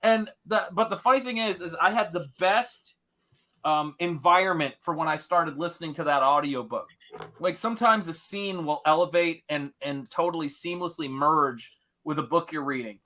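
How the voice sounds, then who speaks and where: A man with a Tennessee accent chatting casually as host, telling animated stories and laughing often. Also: a little high, normal speed. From American South. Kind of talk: casual livestream chat.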